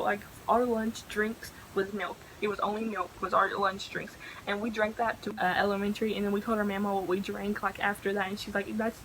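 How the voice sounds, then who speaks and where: A woman's voice: mid-range voice, slight background noise, rough recording. A young woman telling school stories in a casual vlog, rambling with many fillers and restarts. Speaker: vlogger. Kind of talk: casual storytelling.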